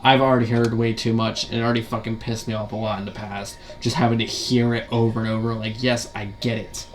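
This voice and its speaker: A man's voice: lowish voice, flat delivery, quick pace, background noise. A man ranting as a gaming video commentator, frustrated and profane, full of rhetorical questions and repeated fillers.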